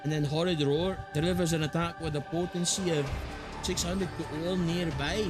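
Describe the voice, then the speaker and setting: A man from the Philippines streaming a game live, chatting casually with his viewers and excitedly reading game text aloud. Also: a little high, moderate pace. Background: game music.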